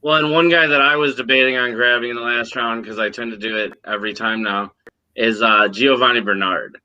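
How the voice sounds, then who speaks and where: A man co-hosting a podcast in casual chat over a video call, laid-back and joking, talking in quick bursts. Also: medium pitch, steady tone, sharp tone, muffled recording. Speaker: podcast co-host.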